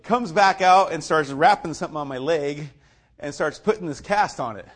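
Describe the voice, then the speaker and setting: A man recounts his personal faith testimony in a relaxed, conversational way. He laughs often, fills his speech with casual fillers and acts out other people's lines in lively voices. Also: fairly high pitch, normal speed. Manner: chuckles often, loose and conversational with many fillers.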